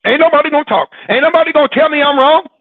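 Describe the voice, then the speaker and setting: A man's voice: very high-pitched, racing, no room sound. Male Christian show host, teasing preacher delivery; dry, tinny phone-quality recording. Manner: teasing and preachy, laughing often, with dramatic repetition. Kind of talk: sermon-like casual talk.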